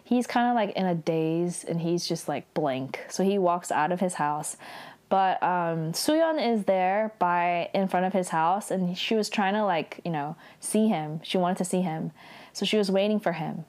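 A woman's voice: lowish voice, animated, a little slow, darkish tone. Chatty young woman recapping a drama. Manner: chatty, heavy use of "like", acts out quotes with laughs.

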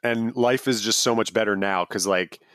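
In a studio-quality recording with no room sound, a male podcast co-host rambles through casual chat full of fillers and restarts. His voice is on the low side and a bit bright, at a normal speed.

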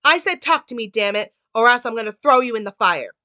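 A desperate mother speaks in a high-strung, urgent voice, performed by a woman retelling a film. The voice is bright and pressing, and the recording is dry and close. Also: very animated, fast talker, no echo, exaggerated voice. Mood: demanding. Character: desperate young mother, frantic and pleading.

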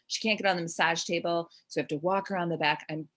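Middle-aged woman, low voice, rambling storyteller, a medium recalling readings in casual chat. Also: steady tone, quick pace, a bit bright. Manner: rambling, self-interrupting, with frequent "like" and "um".

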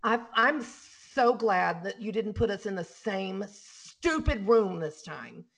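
A woman voicing a brash, flirty realtor who calls herself a cougar, loud, bossy and catty in an improvised comedy sketch. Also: mid-range voice, animated, slow, gravelly, crowd noise. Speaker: comic character in a podcast sketch.

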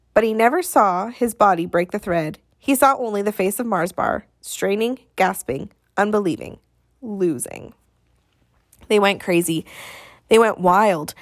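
A woman's voice: medium pitch, no echo. Dry, close woman narrating a novel. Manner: expressive storytelling, acting out the dialogue. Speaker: audiobook narrator. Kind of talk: scripted narration.

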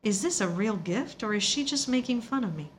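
A woman's voice: medium pitch, expressive, brisk, a little hiss or hum. A woman narrating a first-person audiobook story, confiding and reflective in tone.

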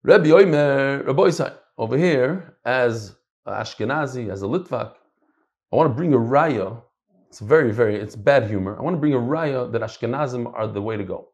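A middle-aged man teaching a casual Talmud class, animated and swinging between loud and soft. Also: mid-range voice, normal speed.

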